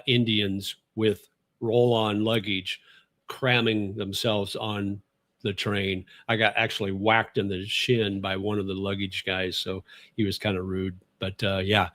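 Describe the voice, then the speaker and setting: A man hosts a relaxed livestream and chats with viewers in an easygoing, rambling way. He laughs often and corrects himself mid-sentence. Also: on the low side. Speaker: livestream host. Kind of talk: casual chat, answering viewer comments.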